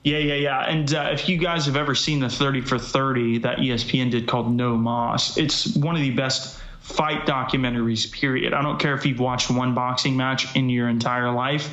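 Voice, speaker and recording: A man's voice: medium pitch, steady tone, moderate pace, few pauses, fairly bright tone. A man co-hosting a casual live-stream chat, talking in loose, rambling runs full of "you know" and restarts. His voice sits in a middle register. It comes through a roomy, echoey space with a slightly dull, muffled sound. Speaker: MMA show co-host.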